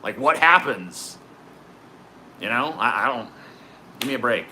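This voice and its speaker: A man's voice: medium pitch, expressive, measured pace, pushed and bright, a little hiss or hum. A man streaming live, chatting in a profane, sarcastic, rambling way as he answers his chat. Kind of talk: casual livestream chat.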